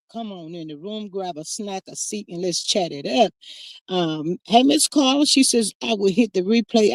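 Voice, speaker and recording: A woman with a mid-range voice hosts a casual livestream, reading chat comments aloud with sass and drawling "honey" and "child" at people. She's animated and sounds a little stuffy from her sinuses. The recording is dry and rough.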